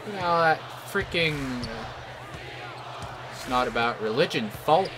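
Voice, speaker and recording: A young man giving live gameplay commentary, joking and trash-talking, with loud outbursts at plays. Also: mid-range voice, expressive, a little slow, long pauses, a little hiss or hum. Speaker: gaming commentator.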